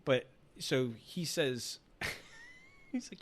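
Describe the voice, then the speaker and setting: A man's voice: mid-range voice, huge pitch swings, slow. Podcast co-host, man, casual chat, acts out movie lines while laughing along. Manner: retells scenes by acting out quotes, laughing often.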